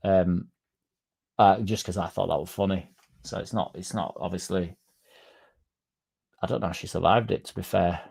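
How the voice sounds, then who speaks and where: Deadpan man, low mellow voice. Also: moderate pace, gravelly, long pauses, breathy edge. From Leeds, England. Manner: rambling deadpan joking, dropped articles. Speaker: fan channel livestream host. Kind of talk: casual livestream chat reading the chat.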